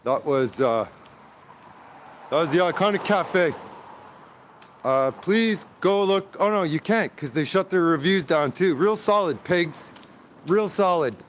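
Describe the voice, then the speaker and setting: A man's voice: a little high, lively intonation, a little slow, long pauses, slight background noise. A man livestreaming outdoors on city streets, ranting angrily and swearing as he walks and talks into a handheld phone. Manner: angry profane ranting. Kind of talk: live street commentary.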